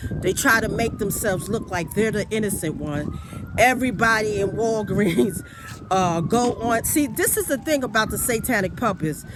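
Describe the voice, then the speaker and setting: A woman's voice: mid-range voice, lively intonation, normal speed, noisy background. A woman telling a story in a casual, emphatic, rambling monologue. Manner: rambling with many fillers and restarts. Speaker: vlogger.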